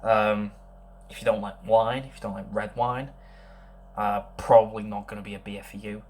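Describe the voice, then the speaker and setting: A young man giving a casual beer tasting review, thinking aloud and rambling with many pauses. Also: on the low side, flat delivery.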